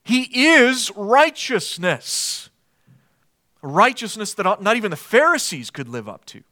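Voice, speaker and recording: An earnest male preacher delivers a verse-by-verse sermon, his voice pitched high and bright with a forceful edge. He leans hard on emphasis and keeps throwing rhetorical questions at his listeners. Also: sing-song, a little slow. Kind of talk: expository sermon.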